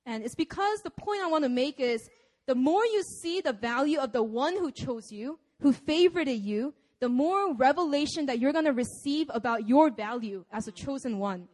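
A woman's voice: high voice, animated, moderate pace, darkish tone. A young woman preaching a sermon in a casual, conversational way, laughing often.

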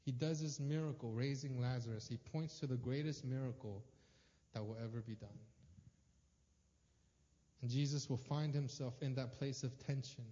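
A man preaching a sermon with emphatic, repetitive phrasing that swings between soft and loud. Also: mid-range voice, normal speed, pauses often. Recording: dull sound with long hall reverb.

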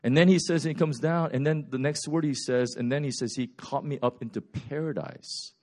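A male preacher in full storytelling mode, his voice jumping from loud, quick bursts to hushed, slow lines. He acts out characters as he goes and keeps the delivery casual and conversational. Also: medium pitch. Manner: swings from loud and fast to quiet and slow. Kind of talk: sermon.

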